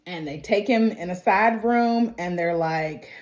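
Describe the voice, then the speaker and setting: A woman's voice: fairly low pitch, unhurried, darkish tone. A woman talks through a film's plot in a loose, chatty way. She laughs often and slips into the characters' lines as she goes. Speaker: movie reviewer. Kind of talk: casual movie recap.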